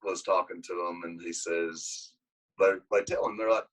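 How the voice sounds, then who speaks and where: Low-voiced and at an ordinary pace, this wrestling coach is heard over poor audio. His lengthy interview story rambles with many restarts, and he turns lively when performing quoted dialogue.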